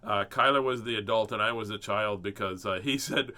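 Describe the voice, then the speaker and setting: Bright-voiced man telling a story. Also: lowish voice, brisk. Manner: animated, acts out voices in his story, chuckles often. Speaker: host reading children's books. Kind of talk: casual storytelling.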